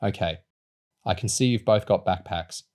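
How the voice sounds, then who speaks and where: A man's voice: sits low, normal speed, darkish tone, natural voice. A man voicing a sinister woman who gives cold orders over the phone.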